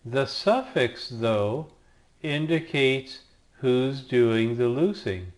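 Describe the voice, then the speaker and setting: A man's voice: medium pitch, expressive, extremely slow. A man teaching Greek grammar in a recorded lecture over slides, spelling out verb endings one by one, with dry asides and small jokes.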